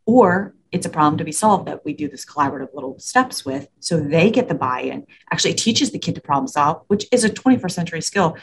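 Her voice sits on the low side, and she's brisk with hardly any pauses, against slight background noise. A school administrator and parenting educator, she chats casually in an interview about kids and parents. She brings her stories to life by acting out the quoted exchanges.

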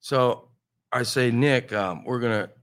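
A middle-aged man telling road stories in casual chat, animated and blunt, swearing and acting out what others said. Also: medium pitch, a little slow, smooth. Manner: animated, acts out quoted voices, swears.

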